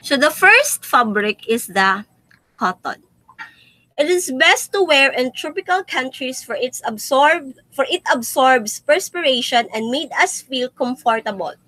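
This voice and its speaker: A young Filipino woman with a Filipino accent presents a lesson, switching between English and Tagalog and pausing on fillers. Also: sits high, animated, bright, forceful tone, dry recording, poor audio. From Philippines. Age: young adult. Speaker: student teacher presenting a lesson.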